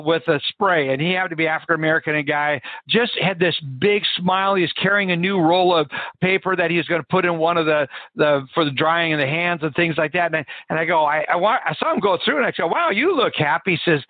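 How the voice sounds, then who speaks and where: A man's voice: a little high, dry recording. A man hosting a podcast, telling stories with enthusiasm and frequent restarts in casual interview chat. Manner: enthusiastic storyteller, restarts often. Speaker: podcast host. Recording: narrow phone-line audio, dry.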